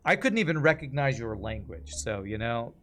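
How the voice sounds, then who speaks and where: Sing-song and fairly bright, his mid-range voice moves at a moderate pace amid slight background noise and faint game music. He's a Texas game streamer in his forties with an American accent, rambling chattily through casual commentary and reading out chat.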